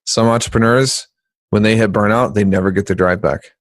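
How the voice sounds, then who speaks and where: A man co-hosting a business podcast in a casual, joking chat, animated and quick to poke fun. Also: on the low side, no room sound. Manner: animated, joking, jumps into voices when quoting people. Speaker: podcast co-host.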